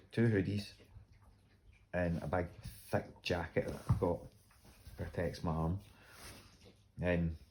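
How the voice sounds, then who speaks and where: This Scottish man's voice sits low and a little mellow, with a slight hiss or hum in the recording. He's casually telling amusing dog stories, laughing frequently and voicing characters as he goes.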